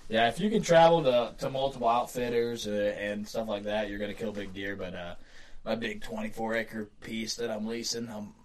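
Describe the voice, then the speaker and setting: A man casually telling a long, excited hunting story on a podcast, laughing often and getting animated. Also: lowish voice, moderate pace.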